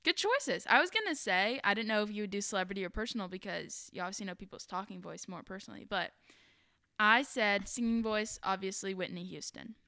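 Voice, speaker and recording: A young woman co-hosting a podcast, chatty and giggly, talking in quick bursts. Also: mid-range voice, lively intonation, bright, forceful tone, no echo, clean studio sound. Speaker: podcast co-host. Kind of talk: casual chat.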